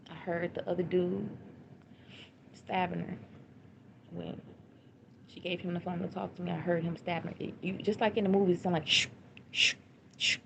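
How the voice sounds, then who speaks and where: A woman's voice: fairly low pitch, little pitch movement, normal speed, vocal fry, pauses often. A woman in her forties, telling her own painful story on a livestream in a blunt, repetitive, emotional way. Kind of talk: livestream personal account. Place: home livestream. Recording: dull lo-fi stream audio with noise.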